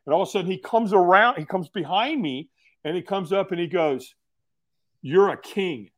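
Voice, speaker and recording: A man's voice: sits high, lively intonation, fairly quick. A middle-aged man, telling his story casually as a podcast guest in an earnest, folksy way. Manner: earnest, folksy, repeats words when starting sentences.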